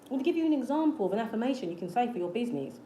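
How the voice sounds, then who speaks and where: A manifestation channel host talks casually and earnestly to her viewers on camera, coaching them in a repetitive, encouraging way. Her voice is fairly high, sing-song and mellow, and she speaks very fast. The echoey room carries faint ambience and slight background noise.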